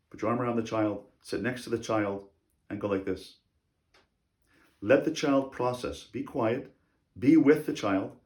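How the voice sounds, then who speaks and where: A man teaching as a rabbi in a religious lecture on parenting, speaking deliberately and repeating key phrases for emphasis. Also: mid-range voice, a little mellow, roomy sound.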